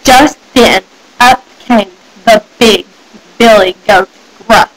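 A woman's voice: a little high, slow, fairly bright tone, poor audio. A young woman, a student, reading a fairy tale aloud with careful storybook delivery. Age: young adult. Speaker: student reader.

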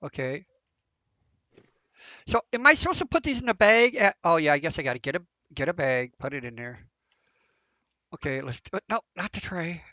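A man's voice: a little high, very animated, moderate pace, long pauses, sharp tone, no room sound. Flustered man narrating his gameplay. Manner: chatty, flustered, thinking aloud. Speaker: gameplay commentator. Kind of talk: casual game commentary. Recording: dull, lo-fi, dry sound.

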